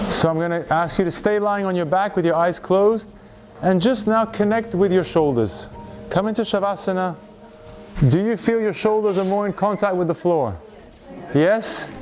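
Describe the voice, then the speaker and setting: A man guiding a group through slow shoulder stretches and breathing, calm and instructive, often checking in with questions. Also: high-pitched, a little hiss or hum. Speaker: movement coach.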